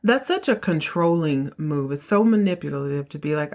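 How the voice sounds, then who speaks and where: Female podcast host, lower register, chatty slangy recapper with strong opinions. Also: moderate pace. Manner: animated, opinionated, slangy storyteller. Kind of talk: casual episode recap.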